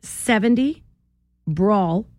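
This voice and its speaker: A woman's voice: medium pitch, expressive, very slow, darkish tone, no echo. A woman hosting a morning radio show, chatting with listeners in a bubbly way and laughing often. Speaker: radio host. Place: radio studio.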